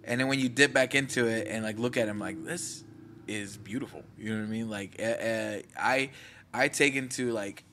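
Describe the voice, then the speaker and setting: A man's voice: fairly low pitch, moderate pace, bright, forceful tone, slight background noise. A young man hosting a casual podcast, talking earnestly and rambling, laughing easily. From Mexican-American. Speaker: podcast host. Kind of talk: casual chat.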